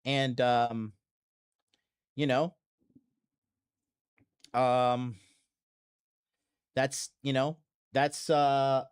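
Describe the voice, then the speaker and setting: A man's voice: mid-range voice, little pitch movement, extremely slow, pauses often, smooth. A man hosting a podcast in a blunt, profane, rambling monologue full of fillers and restarts. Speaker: podcast host. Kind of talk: casual monologue.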